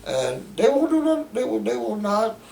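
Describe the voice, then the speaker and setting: A man's voice: high voice, sing-song, moderate pace, creaky, darkish tone, roomy sound, a little hiss or hum, rough recording. A man at home, making an emphatic complaint in formal, wordy phrasing with many stammered restarts. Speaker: interviewee describing his care. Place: home bedroom.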